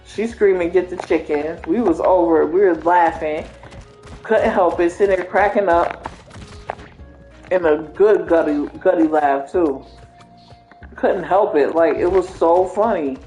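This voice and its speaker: A woman's voice: lowish voice, measured pace, pauses often, dark tone. A woman DJ telling a funny family story in casual, slangy talk, laughing as she goes. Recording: roomy echo with faint music.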